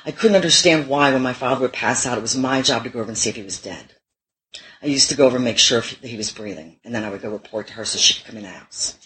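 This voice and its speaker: A woman's voice: a bass voice, quick pace, a bit bright, poor audio. Candid self-mocking woman sharing her story. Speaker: recovery meeting speaker. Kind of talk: personal testimony talk.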